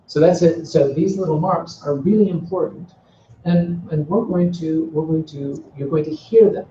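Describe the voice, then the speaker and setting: A man's voice: on the high side, moderate pace, warm tone, slight background noise. A man teaching a beginners' Greek class, drilling words for students to repeat and stretching words out to show stress. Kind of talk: classroom lecture. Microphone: far from the mic. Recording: distant, roomy, dull classroom recording.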